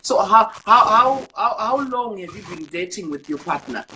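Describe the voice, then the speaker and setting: A woman from Zimbabwe, hosting a live-streamed talk show, reading viewer comments and encouraging a caller warmly. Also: medium pitch, expressive, moderate pace, heavy background noise.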